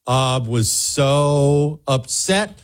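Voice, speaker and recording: A man hosting a talk show who tells a digressive travel anecdote to his co-host in a lively way. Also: medium pitch, drawn-out words. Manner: animated, digressive storyteller.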